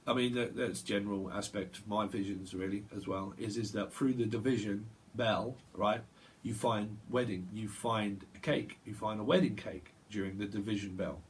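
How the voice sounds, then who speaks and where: This tarot reader's voice sits lowish, with fairly even intonation and a normal speed, and a faint hiss or hum is audible. Recorded alone on video, he rambles intuitively through his reading, repeating sounds and chuckling to himself.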